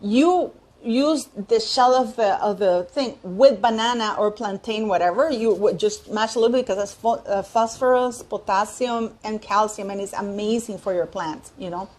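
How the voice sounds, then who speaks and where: A woman in her fifties hosts her own opinionated commentary vlog, speaking at a moderate pace in a medium-pitched, darkish voice. She talks casually and offers strong opinions, often restarting sentences and searching aloud for words.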